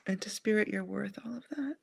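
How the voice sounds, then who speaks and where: A woman hosting a live angel card reading, speaking in a gentle, soothing and affirming way. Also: medium pitch, fairly quick, creaky, breathy edge, no echo. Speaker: angel card reader and live stream host.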